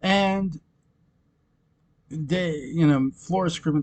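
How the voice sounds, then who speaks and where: A man with a slightly high, expressive voice speaks a little slowly over faint background noise. He's a fan commentator casually recapping a TV episode, rambling, giggling often, and correcting himself as he goes.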